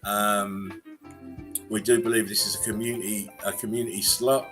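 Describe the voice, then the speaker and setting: Laid-back man with bright tone. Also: lowish voice, normal speed, soft background music. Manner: relaxed and rambling, laughs often between remarks. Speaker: livestream host. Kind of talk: casual livestream chat greeting viewers.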